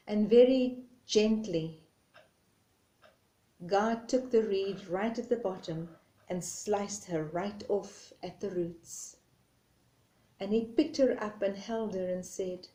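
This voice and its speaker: A woman, a nun, telling a parable in a gentle sermon, measured and drawn out, recorded in an echoey room. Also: mid-range voice. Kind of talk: slow storytelling sermon.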